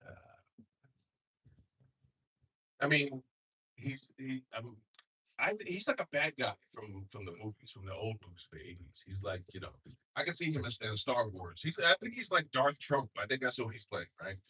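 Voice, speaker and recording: A man's voice: mid-range voice, very animated, moderate pace, husky, poor audio. Profane, rambling middle-aged comedian man. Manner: profane, rambling, loud bursts when acting out others. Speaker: stand-up comedian. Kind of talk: stand-up comedy set.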